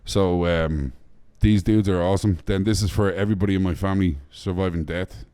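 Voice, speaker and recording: A man's voice: sits low, steady tone, fairly quick, dark tone, clear, resonant tone. A man with an Irish accent, chatting as a guest chef on a podcast, blunt and profane. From Ireland. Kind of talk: casual podcast chat.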